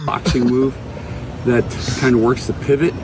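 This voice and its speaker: A man talks in a gruff, folksy way, walking through old boxing moves in a casual self-filmed clip. Traffic and street ambience sit clearly behind his voice. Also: mid-range voice, steady tone, moderate pace. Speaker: social media video personality.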